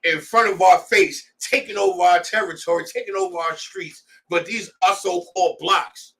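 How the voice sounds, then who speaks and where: A man's voice: high-pitched, steady tone, normal speed, creaky, fairly bright tone, distant mic. A man leading a scripture class, preaching in a heated, blunt way with street slang. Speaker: class leader.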